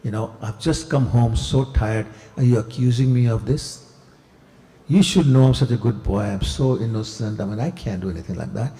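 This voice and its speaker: A man's voice: medium pitch, moderate pace, warm tone, natural voice. A man voicing the child Krishna, a mischievous little boy who steals butter and pleads innocence. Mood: pleading innocence.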